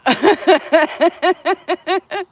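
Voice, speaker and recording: A woman's voice: very high-pitched, drawn-out words, no room sound. A woman hosting a casual live stream, caught in a helpless snorting laughing fit as she greets viewers by name. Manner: giggly, self-mocking, greets viewers by name. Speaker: livestream host.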